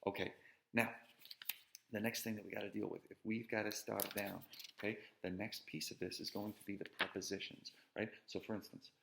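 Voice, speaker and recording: A man's voice: fairly low pitch, level tone, fairly quick, creaky, bright, forceful tone, a little hiss or hum, rough recording. A man teaching an introductory Spanish lesson in a playful, chatty way, often checking in with "right?". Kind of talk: casual classroom lecture.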